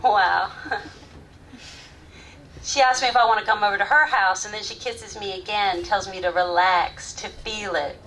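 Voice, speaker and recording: An actress performing a live stage monologue as a grown woman candidly recalling her first love, sometimes soft, sometimes loud. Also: mid-range voice, fairly even intonation, moderate pace, lightly acted. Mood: frank recalling. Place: theater stage, live audience. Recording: distant stage mic, faint room noise.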